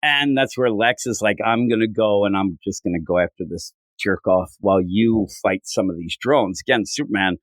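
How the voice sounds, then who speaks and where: A man's voice: moderate pace, few pauses, no echo. A man casually recapping a comic on a podcast, acting out the characters' lines as he goes. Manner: animated retelling, acting out quotes with big pitch jumps. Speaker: podcast host. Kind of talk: casual comic book discussion.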